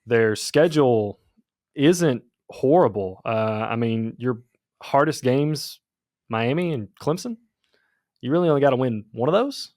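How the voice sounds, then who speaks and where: A man's voice: mid-range voice, animated, unhurried, darkish tone, no room sound, clean studio sound. A man hosting a casual sports podcast, chatty and easygoing as he leads the talk. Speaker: podcast host.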